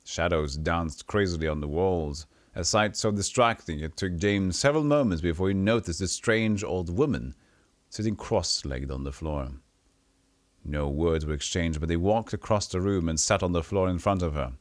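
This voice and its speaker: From a home streaming setup, a man plays a retro role-playing game, reading its text aloud and chatting in a casual way. His low voice moves at normal speed, animated, and he frequently trips over words and fixes them. The recording has no echo.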